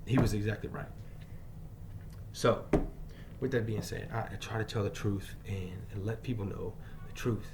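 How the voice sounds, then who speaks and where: A male teacher telling a personal story in an emphatic way, moving between loud bursts and quiet asides. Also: fairly low pitch, fairly even intonation, normal speed, pauses often, noisy background. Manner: frequent fillers and restarts.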